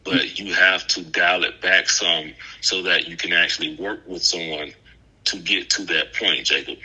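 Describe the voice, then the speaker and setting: Deep raspy guy talking like a calm counselor, bright edgy tone, takes his time. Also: muffled recording. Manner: slow, patient, keeps repeating the caller's name. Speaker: mental health professional on a phone call.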